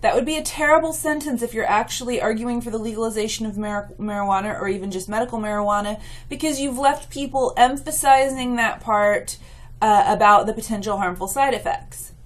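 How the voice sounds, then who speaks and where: A woman's voice: fairly high pitch, fairly quick. A woman writing instructor giving a recorded lecture and patiently explaining slides to her students. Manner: patient and explanatory, with some fillers.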